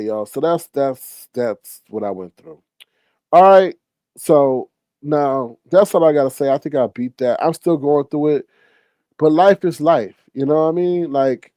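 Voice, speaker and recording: A man's voice: on the high side, warm tone, dry recording. A man telling a story to his viewers in a casual rant, exasperated, repeating himself, swearing a lot and acting out other people's lines. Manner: exasperated, repetitive, heavy profanity. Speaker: online streamer.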